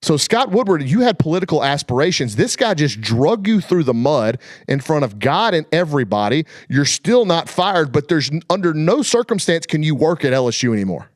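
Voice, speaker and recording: A man's voice: a little high, sing-song, a little fast, few pauses, no echo, studio quality. A man hosting a sports talk show, chatting casually in a folksy, colloquial storytelling way. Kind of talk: casual chat.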